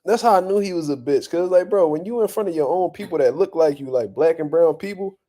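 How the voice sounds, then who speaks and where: A young man hosting boxing talk, ranting bluntly and profanely in a casual, animated way and laughing often. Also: on the high side, fast talker. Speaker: boxing commentary host.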